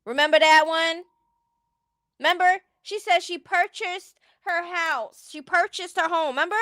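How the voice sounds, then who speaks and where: Brief: high-pitched woman streamer, sassy and blunt, dry close sound. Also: a bit bright, no room sound. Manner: blunt, sassy, laughs often. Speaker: stream host. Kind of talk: casual commentary chat.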